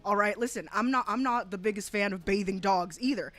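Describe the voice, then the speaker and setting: Faint music sits behind a woman streamer with a mid-range voice who talks a little fast from her rural home. Her reaction commentary is a profane, animated rant punctuated by frequent laughter.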